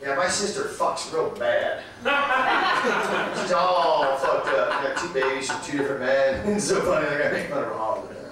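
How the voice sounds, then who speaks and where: A man doing a stand-up set in a small club, from Massachusetts, rambling with many fillers and bursts of shouting. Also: fairly high pitch, big pitch swings, normal speed, a crowd in the background. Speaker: stand-up comedian. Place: small comedy club, live audience. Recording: very echoey room, distant mic, faint noise.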